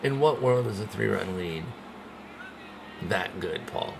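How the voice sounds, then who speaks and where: Deep-voiced man calling his sim game. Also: takes it slowly, vocal fry, noisy background. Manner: animated, swings from calm calls to loud outbursts and groans. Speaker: gaming streamer. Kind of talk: casual play-by-play of a baseball sim.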